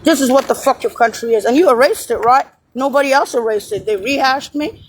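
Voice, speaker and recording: A woman's voice: sits high, a little fast, slight background noise, poor audio. A woman delivering an angry, profane, rambling monologue, hurling insults and pointing things out on screen. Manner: points at something on screen while talking.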